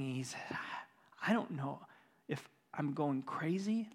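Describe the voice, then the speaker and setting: Pastor telling a story from the pulpit, man with a slightly high voice, dropping to near-whispers and climbing to urgency. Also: animated, unhurried. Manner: retells a conversation, voice dropping to a hush then rising intense. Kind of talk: sermon storytelling. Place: church.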